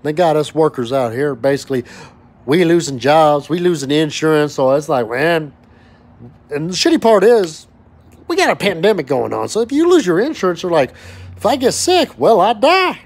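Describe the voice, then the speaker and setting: A man's voice: a little high, very animated, moderate pace, a little mellow. Fired-up, foul-mouthed man. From West Texas. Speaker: oil and gas worker vlogger. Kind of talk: angry profane rant to camera.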